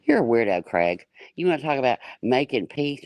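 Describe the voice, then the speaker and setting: A woman's voice: a bass voice, very animated, fairly quick, hardly any pauses, darkish tone, no echo. A woman on a livestream panel, talking bluntly and brashly with cursing. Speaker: panel guest. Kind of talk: casual livestream chat.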